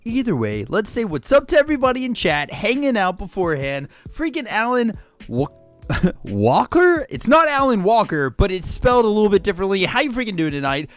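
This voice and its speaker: A man hosting a livestream in casual chat, excitable and jokey, greeting viewers by name and saying "freaking" constantly. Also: high voice, a little fast, faint music behind. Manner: excitable, says "freaking" constantly, shouts out names; jokey and hyperbolic. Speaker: livestream host.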